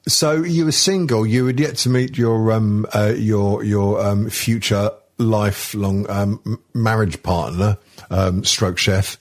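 Husky, halting podcast co-host. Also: male voice, fairly low pitch, steady tone. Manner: halting, full of ums and restarts, sweary. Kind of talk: casual comedy chat.

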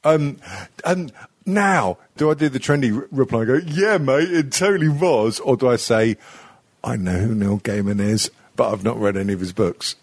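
A man's voice: on the low side, moderate pace, vocal fry, slightly rough, no room sound. A man hosting a podcast, rambling and swearing freely with self-mocking humour. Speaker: podcast host. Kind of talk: casual podcast chat.

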